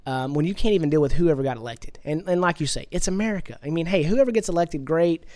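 A man's voice: fairly high pitch, animated, fast talker, darkish tone, no room sound. A man hosting an interview podcast, chatty and agreeable, with lots of fillers and restarts. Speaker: podcast host.

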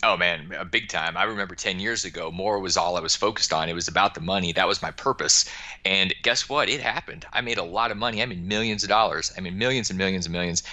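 Being interviewed on a podcast, an American financial advisor delivers emphatic, motivational talk about money and repeats words frequently. He speaks fast in a low voice that sounds pushed and bright.

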